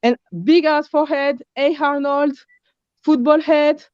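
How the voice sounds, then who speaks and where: A woman with a French accent, a caller speaking bluntly in casual chat, often pausing to search for English words. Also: sits high, steady tone, no room sound, highs cut off.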